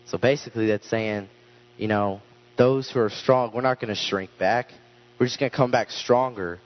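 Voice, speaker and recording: A man's voice: lowish voice, fairly even intonation, normal speed. A man giving an informal sermon, rambling with restarts and casual asides. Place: small room with listeners. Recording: dull lo-fi sound with mains hum.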